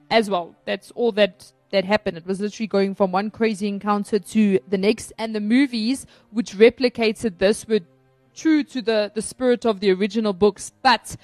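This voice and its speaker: A woman co-hosting a casual film review talks enthusiastically, with many fillers and restarts. Her voice sits a bit high, and the sound is dry and close with no room echo. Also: darkish tone. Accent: South African.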